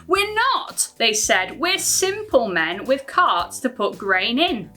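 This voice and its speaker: English lady doing kids church, bouncy sing-song voice, slow and bright. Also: on the high side, faint music behind. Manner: lively, sing-song storytelling. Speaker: children's ministry presenter. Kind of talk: reading a rhyming bible story to kids.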